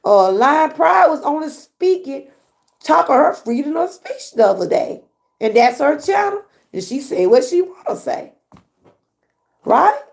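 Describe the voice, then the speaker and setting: Here the Georgia-born host's voice is high and creaky, moving slowly with big swings in pitch. With her Southern US accent, she runs a relaxed, chatty livestream, laughing frequently and talking back to her chat.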